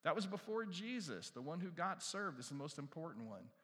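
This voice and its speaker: Male pastor, lively sermon delivery, loud-to-hushed swings, reverberant hall sound. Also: on the high side, a little fast. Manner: repeats key phrases, asks the crowd questions. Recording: long reverb from a large hall.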